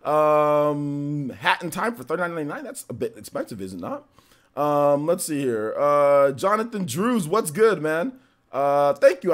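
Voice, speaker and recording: A man streaming live, greeting viewers from chat one by one and laughing at trolls in a casual, slangy way. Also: on the high side. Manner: shouts out chat names, trash-talks trolls, laughs often.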